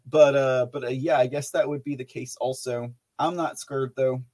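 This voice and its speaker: Medium-pitched and mellow, this podcast host speaks at a moderate pace with fairly even intonation during his live stream. He reads viewers' messages aloud, laughs a lot, and rambles casually with many fillers and restarts.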